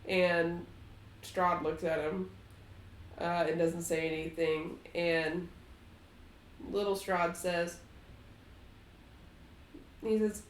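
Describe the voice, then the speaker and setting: A woman narrating a tabletop game as game master, slow and halting. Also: lowish voice, fairly even intonation, slight background noise. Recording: roomy echo.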